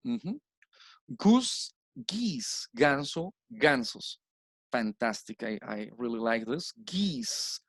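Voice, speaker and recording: A Colombian man whose first language is Spanish, teaching English plurals in a slow recorded slide lesson and repeating each word for drill. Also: mid-range voice, no echo. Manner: repeats words slowly with stressed drills.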